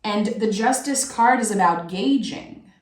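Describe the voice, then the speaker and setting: Woman, French accent, native French speaker, tarot reader, slow and reflective, echoey room. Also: medium pitch. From France. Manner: giggly, talks with many restarts. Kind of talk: soulful tarot reading.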